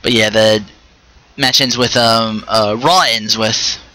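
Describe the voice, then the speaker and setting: A man hosting a casual solo podcast, rambling and restarting his sentences, with quick asides while he plays a game. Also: fairly low pitch, fairly even intonation, bright, forceful tone, rough recording. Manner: rambling, stops and restarts mid-thought; chatty, with short asides while playing a video game. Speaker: podcast host.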